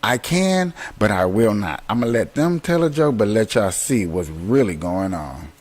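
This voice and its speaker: A man hosting and talking to viewers, slow and emphatic, repeating words for stress. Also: on the low side, sing-song, darkish tone, poor audio. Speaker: host. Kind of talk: commentary to viewers.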